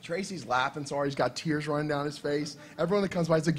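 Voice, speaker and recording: Animated, profane male storyteller. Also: a little high, quick pace. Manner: animated, profane, laughing through his anecdote. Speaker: comics writer on a convention panel. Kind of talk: casual storytelling on a panel.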